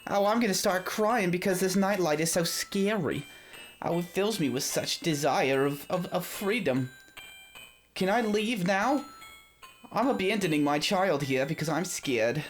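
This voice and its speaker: A man's voice: sits high, lively intonation, a little slow, faint music behind, voice pushed up. A man doing a frazzled, boozy single mother. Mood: melodramatic. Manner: melodramatic, sarcastic, swings from mutters to shrieks. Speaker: gaming video host. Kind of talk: comedic let's-play role-play.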